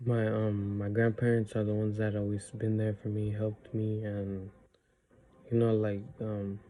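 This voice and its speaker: A young man pours out his frustrations in a rambling vlog monologue and acts out past arguments. His voice sits low and very dark, and his delivery stays flat with little rise and fall. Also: a little slow, a little hiss or hum. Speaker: vlogger. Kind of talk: personal venting monologue.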